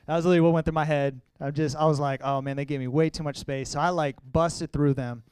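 A young man sharing a personal testimony with a congregation, talking earnestly and conversationally, sometimes halting with emotion. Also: fairly high pitch, fairly even intonation, a little mellow, clean tone, no room sound. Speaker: church speaker sharing testimony.

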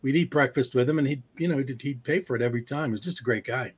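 A man's voice: medium pitch, fast talker, husky. A man co-hosting a comedy podcast, telling anecdotes in casual chat and swearing now and then. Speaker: podcast co-host.

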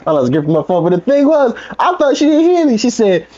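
A man's voice: very high voice, sing-song, fast talker, mellow. A young man casually telling a funny story, acting out the quotes and laughing often. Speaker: podcast co-host. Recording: dull lo-fi sound.

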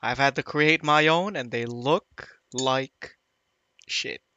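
A man's voice: medium pitch, slow, bright, forceful tone, no echo, lo-fi sound. A man hosting a casual podcast on a voice call, joking and laughing with his co-hosts. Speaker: podcast host. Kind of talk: casual chat.

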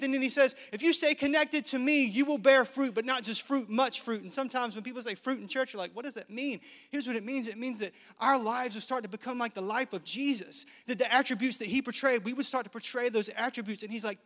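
A man in his thirties from Nigeria, a pastor preaching a lively, joking sermon to a live congregation. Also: extremely high pitch, fairly quick, few pauses. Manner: lively, joking, engages the crowd. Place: large hall with live congregation. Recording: reverberant church hall.

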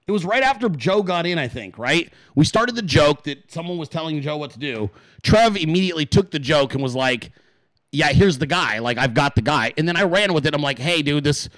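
A man hosting a podcast in a casual, profane rant, acting out quick voices in his stories. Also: sits high, dry recording. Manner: animated, swears a lot, acts out voices in his stories. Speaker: podcast host.

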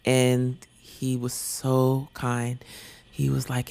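A man telling an earnest, rambling, confessional personal story, sometimes dropping to a soft near-whisper. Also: mid-range voice, monotone, extremely slow, gravelly.

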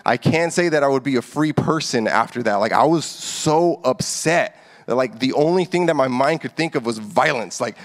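A man in his thirties preaches to his congregation in an easy, chatty way. He grows animated and heated as he makes his points. His voice rings out with a long reverb in a large hall. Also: medium pitch, normal speed. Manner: conversational, animated, builds to heated emphasis. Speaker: pastor. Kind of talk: casual sermon.

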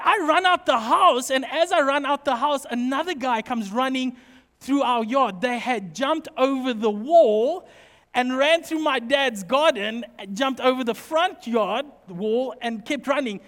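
A middle-aged man preaching a sermon, telling funny personal stories in an animated, joking way. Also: extremely high pitch. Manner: humorous, animated storytelling. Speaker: pastor. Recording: long reverb of a hall.

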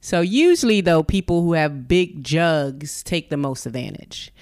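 Low-ish voiced woman cohosting a radio chat, blunt opinions, does the voices of people in her stories. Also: expressive, measured pace, darkish tone, smooth, dry recording, clean studio sound. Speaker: radio show co-host. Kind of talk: casual chat.

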